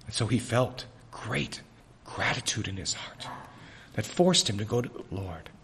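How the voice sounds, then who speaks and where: Low-voiced preacher, hiccuping, raw throat. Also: male voice, animated, creaky, a bit bright, a little hiss or hum. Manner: earnest, halting with restarts. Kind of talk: sermon.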